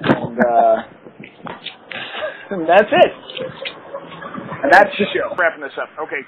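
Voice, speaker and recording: A man's voice: a little high, lively intonation, takes it slowly. Rambling man on a tinny line. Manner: rambling, laughing storyteller, full of fillers. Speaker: podcast co-host. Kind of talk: casual comedic podcast chat. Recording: tinny phone-like sound, faint hiss.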